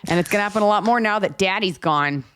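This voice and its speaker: A woman's voice: mid-range voice, quick pace. A woman in her thirties hosting a podcast, chatting casually with jokes and acted-out voices. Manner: animated, jokey, acts out voices. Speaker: podcast host. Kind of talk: casual comedic chat.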